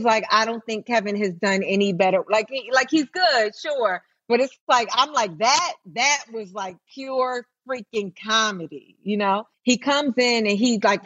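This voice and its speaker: A woman's voice: medium pitch, highs cut off. A woman comedian, a guest on a podcast, chatting animatedly with many restarts. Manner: animated, full of likes and restarts. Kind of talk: casual interview chat.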